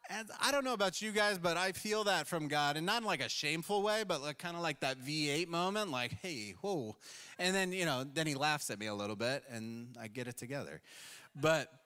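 A man's voice: a little high, fairly quick, pushed and bright, clean tone. A male pastor preaching a sermon in a conversational storytelling way, acting out quoted voices along the way. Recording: long hall reverb.

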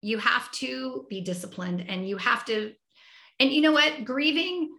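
A woman's voice: fairly high pitch, measured pace, gravelly, bright, forceful tone, reverberant. A woman guest talking heartfelt and reflective in a conversational interview, often restarting her sentences. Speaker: podcast guest.

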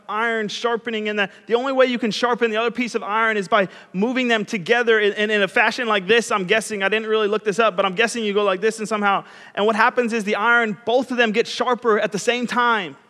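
A young man gives a chatty, self-deprecating sermon as a youth pastor, telling stories along the way. His voice sits high and bright. The sound echoes through a large hall. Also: steady tone, quick pace.

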